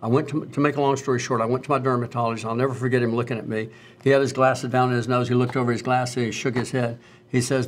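A middle-aged man talks as a physician host in a relaxed health conversation. He tells his stories at length and turns lively when he quotes other people. His voice sits at an ordinary pitch for a man. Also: quick pace. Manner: storytelling, animated when quoting others.

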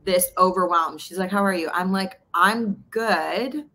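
A woman's voice: fairly low pitch, fairly quick. Candid woman host telling a story. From Canada. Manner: candid, storytelling, animated retelling of dialogue. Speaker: podcast host. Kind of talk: casual conversational interview.

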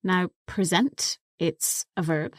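Slow, low-voiced woman teaching English. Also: no echo, clean studio sound. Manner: patient, explains words step by step. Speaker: co-host of an English lesson podcast. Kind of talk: slow, clear teaching explanation.

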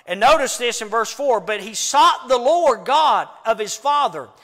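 A man's voice: very high voice, animated, unhurried, a bit bright. A middle-aged man, preaching fervently and emphatically to a Bible class, repeating phrases for stress. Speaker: pastor. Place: church hall. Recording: long hall reverb.

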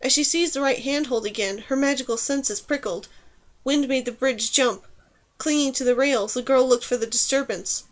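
A woman reading a fantasy novel aloud as audiobook narrator, in an even, measured way. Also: high-pitched. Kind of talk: scripted narration.

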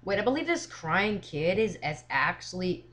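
A gamer in casual let's-play commentary who fills speech with "like" and "seriously," swears constantly and yells at jump scares. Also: medium pitch, sing-song, moderate pace, slight background noise. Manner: filler-heavy, says "like" and "seriously" often. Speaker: gamer playing a horror game.

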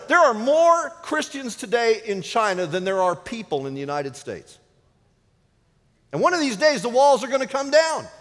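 A man preaching a sermon as pastor, dynamic, often dropping to a hushed low voice for emphasis. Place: church sanctuary. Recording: reverberant church sanctuary.

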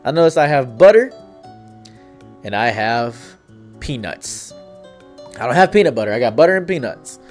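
A man's voice: medium pitch, sing-song, normal speed, pauses often, a little mellow, soft background music. A man hosting a comedic commentary video, rambling without a script and playing up his words with theatrical inflections. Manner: theatrical, exaggerated inflections and playful emphasis. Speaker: YouTube commentary host.

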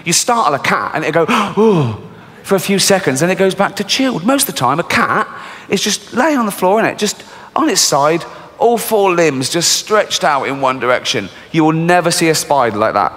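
A middle-aged man with an English accent doing a stand-up comedy set, swearing freely and telling dark jokes in a deadpan way. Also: on the high side, fairly quick. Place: large theatre stage. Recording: reverberant live theatre recording, faint hiss.

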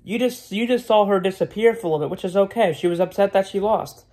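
A man's voice: high voice, fast talker, mellow. A man talks straight to his audience in a loose, rambling rant. He is blunt and opinionated, circles back to the same points, and swears freely along the way. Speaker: vlogger. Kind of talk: casual rant to camera.

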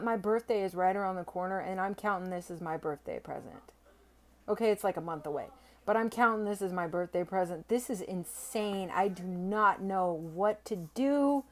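Young woman doing an unboxing vlog, middle-pitched voice, super excitable, gushy, stammers and swears when she's blown away. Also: normal speed. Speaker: silver-stacking vlogger.

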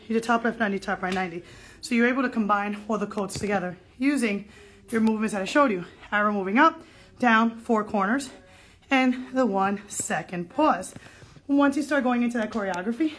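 A woman's voice: on the high side, fairly bright tone, reverberant, slight background noise. Upbeat woman teaching step, counting beats. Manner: upbeat and encouraging, counts aloud. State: a little out of breath. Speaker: step dance instructor. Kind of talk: online dance lesson, counting out beats. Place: dance studio.

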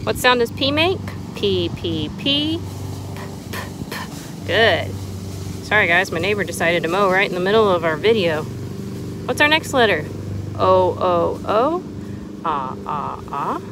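A woman, teaching preschoolers a letter lesson outdoors in a sing-song, animated way. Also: on the low side, unhurried. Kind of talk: children's lesson to camera. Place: outdoors in a yard with a lawnmower nearby. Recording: outdoor noise, lawnmower behind.

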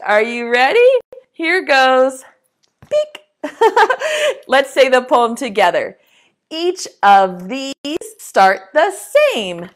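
A woman teaching a preschool lesson, talking to young children in a slow, encouraging way and asking them to repeat words after her. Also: on the high side, a bit bright.

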